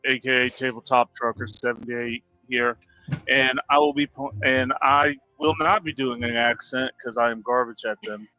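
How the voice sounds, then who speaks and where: Slow, flustered male stream host. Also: mid-range voice, pushed and bright, no room sound, low-quality recording. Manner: slow, self-deprecating, flustered. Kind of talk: casual livestream chat.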